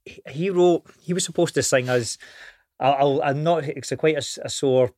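A man's voice: fairly high pitch, moderate pace, darkish tone. A Scottish man, an actor guest, chatting casually and rambling with frequent restarts and free swearing in a podcast studio.

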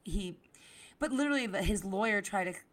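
Philly-area comedian lady on a podcast, super animated, curses a lot, says literally every other word. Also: medium pitch, quick pace. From Delaware County, Philadelphia area. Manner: animated storyteller, swears freely, lots of "like" and "literally". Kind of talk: casual podcast chat.

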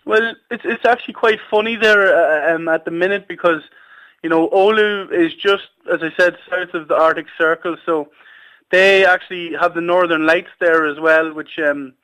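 A man's voice: a little high, fairly even intonation, moderate pace, sharp tone. A man talking enthusiastically as an interview guest over a phone line, with lots of filler words. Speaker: sports official guest.

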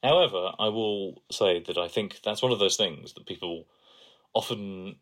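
Young guy, very low voice but bright and forceful, dropping fun facts. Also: moderate pace. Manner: analytical, trivia-sharing. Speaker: podcast co-host. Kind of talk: casual chat.

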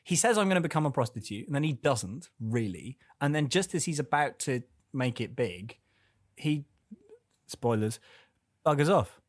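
A man's voice: medium pitch, lively intonation, a little slow, no room sound, clean studio sound. A man hosting a casual film discussion, chatty and playful, prone to tangents.

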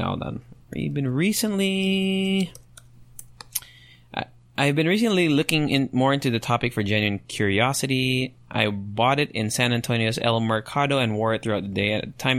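Young man, podcast host, gravelly voice, dry close sound, rambling, thinking out loud. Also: mid-range voice, fairly quick, no echo. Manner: thinking out loud, rambling with restarts and rhetorical questions. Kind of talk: solo podcast commentary, reading comments aloud.

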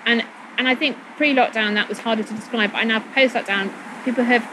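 A woman in casual chat, rambling quickly and laughing often. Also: fairly high pitch, steady tone, noisy background.

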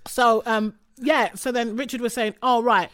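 Brash, bright-voiced woman. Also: a little high, steady tone, normal speed. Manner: brash, teasing, swears freely. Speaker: podcast co-host. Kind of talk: casual chat.

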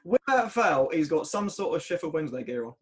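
A young man hosting a casual podcast chat, chatty and quick to laugh. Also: a little high, very animated, slight background noise. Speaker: podcast host.

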